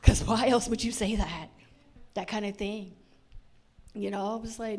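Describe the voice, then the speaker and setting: A woman's voice: mid-range voice, lively intonation, moderate pace, long pauses, a little mellow. A middle-aged woman performing a stand-up comedy set, chatty and punchy, acting out lots of quoted lines. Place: on stage at a comedy show.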